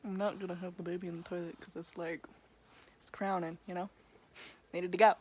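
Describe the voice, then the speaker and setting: A woman's voice: lowish voice, flat delivery, fast talker, darkish tone, a little hiss or hum. A young woman talking to her camera in a candid personal vlog, frank, blunt and casual, with mild swearing. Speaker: vlogger.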